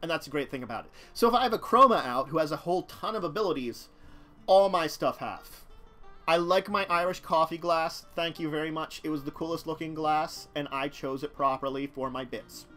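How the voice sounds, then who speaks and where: A man's voice: on the high side, brisk, sharp tone, soft background music. Chatty man streaming a deck review. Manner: rambling, chatty, talks to chat, chuckles. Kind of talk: casual live-stream commentary.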